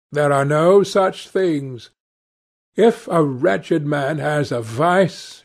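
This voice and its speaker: Guy voicing a serious earnest painter gent, gravelly and husky. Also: fairly high pitch, darkish tone, full character voice.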